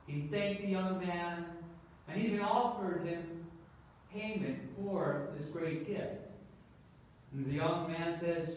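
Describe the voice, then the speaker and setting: Slow-spoken priest in echoey church. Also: male voice, high-pitched, distant mic, a little hiss or hum. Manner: slow, measured storytelling. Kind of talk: sermon storytelling.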